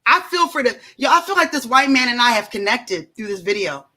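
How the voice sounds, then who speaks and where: Bright, high-voiced woman host chatting. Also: a little fast. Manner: animated, chatty, frequent asides to viewers. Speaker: show host. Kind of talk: casual reaction commentary. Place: at home.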